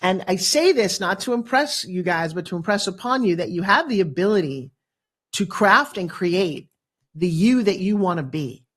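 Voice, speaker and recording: Woman, fifties, motivational speaker, animated storyteller, acts out quotes, guest on a talk show. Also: on the low side, normal speed.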